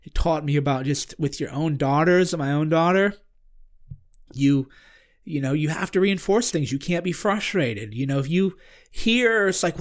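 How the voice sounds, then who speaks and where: A man on a podcast, telling a personal story in an earnest, searching way, often halting and restarting his sentences. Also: on the high side, lively intonation. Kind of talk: casual spoken storytelling.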